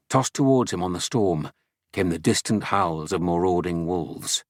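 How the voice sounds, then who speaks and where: Deep, husky male audiobook narrator. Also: no echo, clean studio sound. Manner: measured storytelling. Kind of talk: scripted narration.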